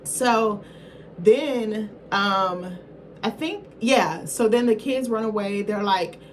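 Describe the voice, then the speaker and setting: A woman's voice: mid-range voice, slow pace, a little hiss or hum. A woman reviewer giving a casual film recap in a rambling, slangy, profane way, often correcting herself mid-thought.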